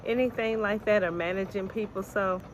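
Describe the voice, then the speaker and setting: A woman's voice: mid-range voice, steady tone, normal speed. An older woman from the United States giving a plain, matter-of-fact testimonial. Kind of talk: testimonial to camera. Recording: audible background noise.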